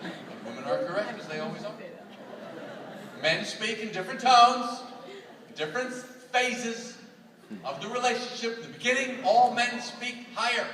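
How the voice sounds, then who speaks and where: A man's voice: very high-pitched, slight background noise. A man doing a stand-up comedy routine on a theatre stage with an exasperated, emphatic delivery, taped from the audience. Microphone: audience recording from far back. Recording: echoey hall from far off, loud crowd laughter. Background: loud audience laughter.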